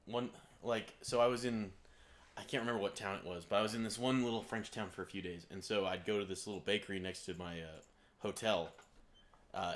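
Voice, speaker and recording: A Texan podcast co-host tells a casual, rambling anecdote full of fillers. His voice is on the low side with a fairly bright tone.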